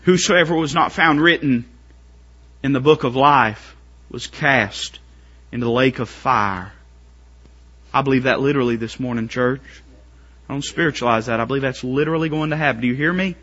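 A man preaching a sermon to his congregation, building up to shouted, strained pleading climaxes. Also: mid-range voice, normal speed, slightly rough, highs cut off.

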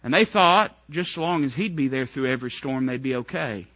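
Preacher with soaring, dramatic delivery. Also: male voice, lively intonation, fairly quick, no room sound, muffled recording. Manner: dramatic, swinging from hushed lows to ringing high outbursts. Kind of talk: sermon.

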